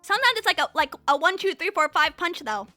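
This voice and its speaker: A young woman streamer chatting casually with her live chat, talking very fast and bubbly. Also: very high-pitched, sing-song, pushed and bright, no echo, faint music behind.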